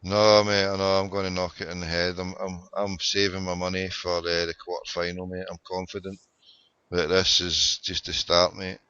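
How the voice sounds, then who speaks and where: A man's voice: low-pitched, little pitch movement, normal speed, sharp tone, clear, resonant tone, no room sound. A man with a Glaswegian accent hosting a casual chat, swearing and calling people mate. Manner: sweary, says "mate" a lot. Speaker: podcast host. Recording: dull lo-fi sound.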